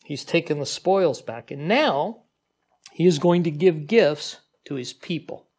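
A man preaching a sermon in a conversational, animated way, with frequent asides to the congregation. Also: fairly high pitch, measured pace, breathy edge. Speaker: pastor.

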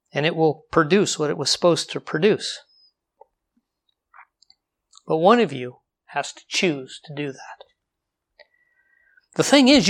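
Guy preaching, goes slow on the verses then shoots way up loud, drops to near quiet too. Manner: dynamic delivery, slows for scripture, jumps high for emphasis, drops to quiet. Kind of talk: sermon.

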